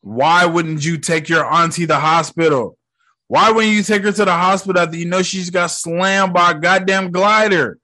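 Young man, slightly high voice, casual movie reaction, animated, profane, loud exclamations.

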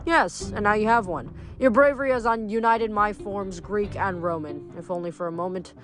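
A proud male war god, as a woman reading aloud puts him on speaks warmly but with command, like a warrior praising a son. The storybook delivery stays in a middle pitch. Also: normal speed, faint music behind, natural voice.

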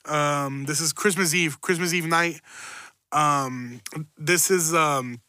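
A man's voice: a little high, fairly even intonation, slow, pushed and bright, smooth, dry recording. A young man from Chicago telling a personal story in a rambling, self-mocking way, laughing often and swearing freely. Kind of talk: casual profane storytelling.

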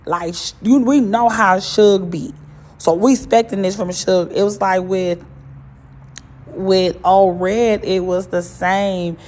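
A woman's voice: medium pitch, fairly even intonation, slow pace. A woman giving a loose, storytelling recap in casual chat, acting out what the crowd said. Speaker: guest giving an event recap. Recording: voice message with loud car noise.

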